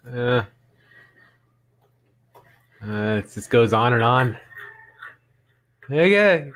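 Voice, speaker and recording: A man's voice: medium pitch, animated, very slow, long pauses, a bit bright. A man hosting a show, giving sarcastic, mocking commentary on videos he plays and laughing often. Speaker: host. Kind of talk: casual commentary reacting to videos.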